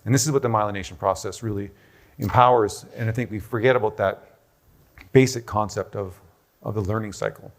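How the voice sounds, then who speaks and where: Speaking fairly quickly in a lowish voice, this doctor stands on stage laying out a health protocol. He lectures and reasons aloud, frequently pausing to check in with "okay?", while a live audience fills the busy room.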